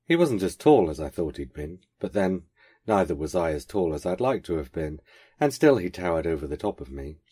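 A man reading a first-person short story aloud in a measured, wry storytelling manner. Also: low-pitched, sing-song, dark tone, slightly rough. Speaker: podcast host reading a story.

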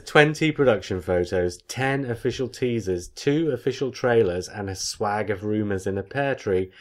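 A man with a low voice hosts a casual podcast. He reads listener messages aloud and breaks in with chatty asides of his own. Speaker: podcast host. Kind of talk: casual podcast chat, reading listener comments.

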